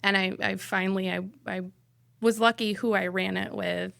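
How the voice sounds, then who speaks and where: A woman's voice: mid-range voice, fairly even intonation, moderate pace, gravelly, fairly bright tone, no echo. A woman paramedic speaking candidly as a guest on a podcast, telling stories from her work. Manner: candid, storytelling, blunt. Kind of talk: casual podcast interview.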